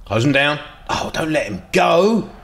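A man giving casual, excitable commentary while playing a football management game, dropping to mutters and jumping to loud outbursts. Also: fairly high pitch, a little slow, vocal fry. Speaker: gaming video host.

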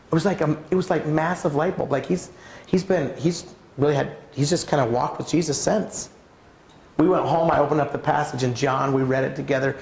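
A man gives a conference talk in a church hall, chatty and personal, often turning to ask the audience questions. His voice carries some gravelly fry, and the room adds a noticeable echo with a faint hum of ambience behind him. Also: a little high, brisk, darkish tone. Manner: conversational, asks the audience questions. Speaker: pastor.

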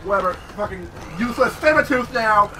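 A man giving excitable let's-play commentary, often yelling and cursing at the game he is playing. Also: high-pitched, fairly quick, far from the mic. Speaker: gaming channel host. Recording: voice a bit off-mic over game music.

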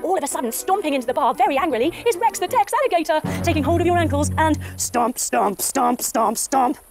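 A woman narrating an animated yoga adventure for children, with gasps, sound effects and pose instructions. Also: sits high, fast, over music. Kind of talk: kids yoga story narration.

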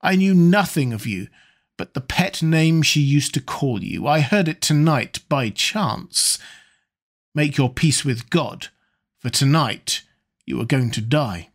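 A man voicing a vengeful rough sailor in an audiobook, growling blunt threats. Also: a little high, expressive, takes it slowly, full character voice. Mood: menacing.

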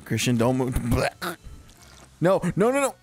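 A man's voice: medium pitch, big pitch swings, a little slow, a little mellow, soft background music. A young man co-hosting casual gameplay commentary, laughing often, swearing and bossily teasing his partner. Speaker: co-host of gaming commentary.

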